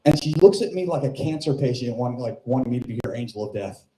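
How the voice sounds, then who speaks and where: On a club stage, a male stand-up comic with a medium-pitched, dark-toned voice tells a rambling, self-mocking story into a handheld mic, talking fast and expressively. The set and chat echo around the club room.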